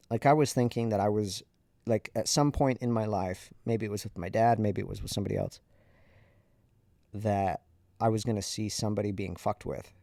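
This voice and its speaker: A man's voice: fairly low pitch, warm tone, no echo, studio quality. A man in his thirties, a podcast host, candidly and reflectively telling a personal story in a conversational way.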